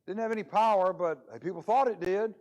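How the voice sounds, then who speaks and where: A man's voice: high-pitched, brisk, a little mellow. A man preaching a conversational Bible lesson in church, with a chatty manner full of rhetorical questions. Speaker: preacher teaching a Bible class.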